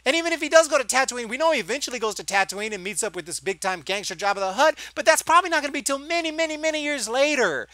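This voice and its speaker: A man's voice: very high-pitched, expressive, rapid-fire, few pauses, bright, forceful tone, no room sound. Exasperated man ranting a movie review. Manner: sarcastic, exasperated, acts out quotes.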